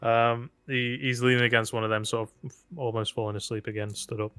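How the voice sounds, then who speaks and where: A man narrating a tabletop game as game master, relaxed and joking, with many fillers. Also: mid-range voice, fairly quick, smooth, no room sound.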